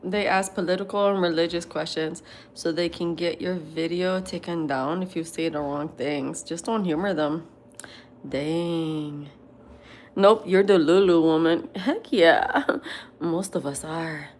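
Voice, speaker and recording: Blunt, slow-talking woman eating on a livestream. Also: low-pitched. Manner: reads viewer comments aloud and answers them bluntly; laughs often and talks between bites. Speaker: livestream host. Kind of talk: casual livestream chat while eating. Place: at home at a table.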